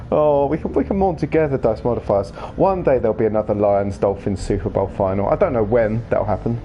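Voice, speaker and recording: A man's voice: mid-range voice, moderate pace, lo-fi sound, slight background noise. A man hosting a live gaming stream, chatting in a rambling, casual way and laughing often. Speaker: livestream gaming host. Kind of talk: casual chat while streaming a game.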